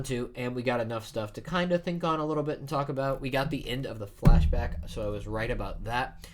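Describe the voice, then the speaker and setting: A man hosting a casual reading and reaction, thinking aloud as he rambles through his thoughts. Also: on the low side. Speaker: manga reaction host.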